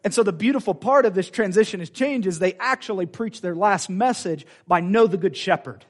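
Male pastor, fairly high voice, animated sermon delivery with repetition and acted-out quotes. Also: brisk. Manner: animated preaching, acts out quoted voices, repeats phrases. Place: church sanctuary.

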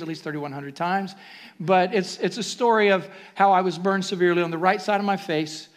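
A man preaching a sermon as pastor, asking the congregation questions and building to shouted calls. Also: high-pitched.

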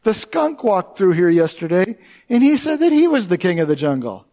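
A man's voice: high voice, big pitch swings, normal speed, mellow, in a large hall. A preacher voicing a cheeky male monkey in a spoken fable, teasing a lion with questions. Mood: incredulous.

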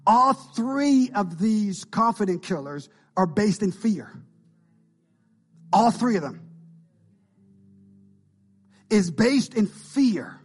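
High-voiced man preaching with passion. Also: breathy edge. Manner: impassioned preaching with call-outs to the congregation. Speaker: pastor. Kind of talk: sermon.

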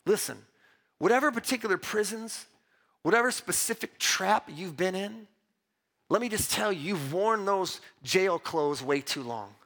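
A man preaching a sermon as pastor, emphatic and lively, mixing Bible reading with personal stories told with restarts. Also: high-pitched, measured pace. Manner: repeats words and restarts when telling stories.

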